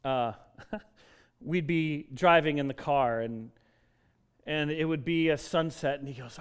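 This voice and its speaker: A middle-aged man from Denver delivers a sermon with a slightly higher than usual voice. He builds to emphatic, ringing declarations, then eases into soft, thoughtful asides. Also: unhurried, long pauses, clean tone. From Denver, Colorado. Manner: emphatic preaching that drops to soft, reflective tones. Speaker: pastor.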